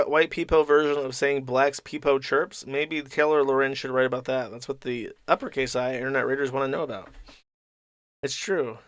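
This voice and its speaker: A man's voice: a little high, fairly bright tone, dry recording, clean studio sound. A man hosting a livestream, reading paid donations aloud and answering them with mocking, profane commentary. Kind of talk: casual commentary stream.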